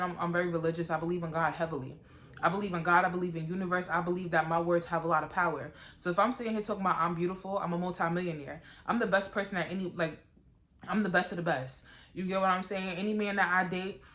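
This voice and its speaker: A woman, chatting to camera in a blunt, profane, animated way and often asking "you get what I'm saying?". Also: medium pitch. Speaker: vlogger. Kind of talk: casual chat to camera.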